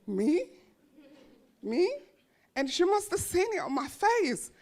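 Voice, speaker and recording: A woman giving a motivational speech to an audience, telling her life story with emphatic, dramatic pauses and repeated phrases. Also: very high voice, big pitch swings, darkish tone. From grew up in a children's home. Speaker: motivational speaker.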